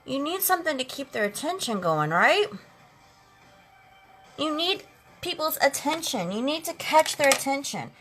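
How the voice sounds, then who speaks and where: A woman's voice: high voice, very animated, normal speed, pauses often, fairly bright tone, rough recording. A talkative, sassy woman chatting with viewers during a makeup live stream, calling them girls and honey. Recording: faint music in the background. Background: eighties instrumental music.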